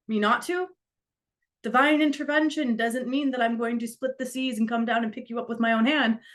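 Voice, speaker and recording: A woman's voice: fairly high pitch, pitched above the performer's own voice, lightly acted. A woman voicing God, who lectures a man in an exasperated, pointed way.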